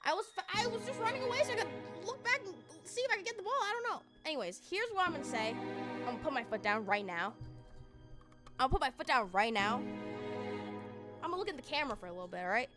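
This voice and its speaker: Young woman streamer, very high and bright, lively storyteller with mock outrage and giggles; faint music underneath. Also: fast. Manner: animated storytelling, laughing, swearing, mock outrage. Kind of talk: casual stream recap chat.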